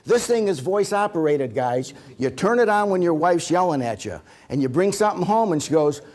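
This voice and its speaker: A man's voice: high voice, expressive, normal speed, darkish tone. Joking man giving a seminar. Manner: joking storyteller, acts out quotes. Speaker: seminar presenter. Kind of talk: humorous seminar talk. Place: in front of a live audience.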